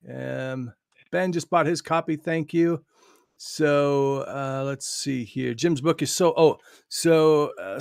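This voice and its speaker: A man's voice: on the high side, vocal fry, dry recording, studio quality. A man from the United States hosting an online book launch over a video call, talking loosely with many fillers and little laughs. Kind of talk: casual livestream chat.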